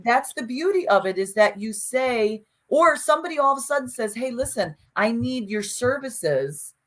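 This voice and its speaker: Animated woman co-host chatting. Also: a little high, brisk. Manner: animated storyteller, frequent restarts and acted-out quotes. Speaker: podcast co-host. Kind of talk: casual conversation.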